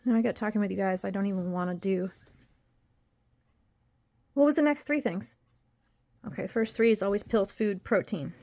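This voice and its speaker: Woman, vlogger, casual chat to camera, rambling, emotional, average pitch. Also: moderate pace, long pauses, mellow. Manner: rambling, chatty and emotional, drifting between topics.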